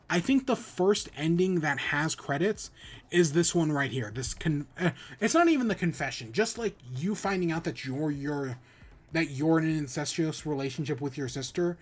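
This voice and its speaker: A man's voice: fairly high pitch, moderate pace. A man hosting a podcast, giving a casual, rambling spoiler review with frequent swearing, restarts and acted-out reactions. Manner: rambling, profane, animated retelling with many restarts. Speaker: podcast host.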